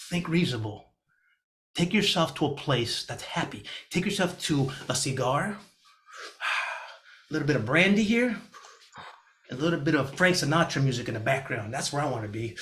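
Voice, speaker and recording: Here a middle-aged man runs a real estate class over a video call with energy and a motivational spirit, frequently imitating panicked clients in a raised voice.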